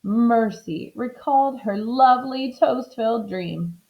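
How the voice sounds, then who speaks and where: A woman reading a children's book aloud in an expressive, animated way. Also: a little high, takes it slowly. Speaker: storybook reader. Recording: slightly dull lo-fi recording.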